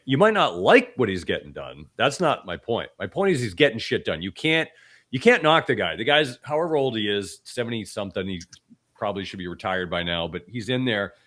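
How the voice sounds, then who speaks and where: A man hosting a podcast, hoarse from a cold, talking bluntly and with opinion, often restarting his sentences. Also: fairly bright tone. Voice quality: extra deep voice. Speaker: podcast host. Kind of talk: casual podcast commentary.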